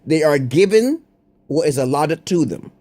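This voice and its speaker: A man's voice: a little high, expressive, a little slow, warm tone. A man rambling through a profane, confrontational monologue to his viewers, with frequent "okay?" asides. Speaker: online commentator.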